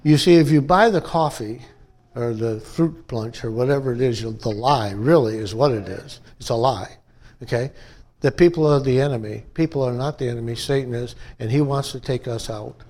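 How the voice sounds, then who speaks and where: A pastor from upstate New York gives a conversational sermon to his church, frequently checking in with the congregation by asking "okay?" and "amen?". His voice is medium-pitched and a little mellow, at a moderate pace.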